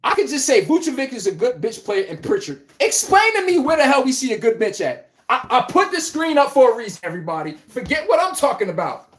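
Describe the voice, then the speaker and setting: Brash, lively woman hosting sports talk. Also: high voice, fairly quick. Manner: brash, emphatic and slangy, calling out viewers by name. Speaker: sports podcast host. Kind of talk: live sports talk show commentary.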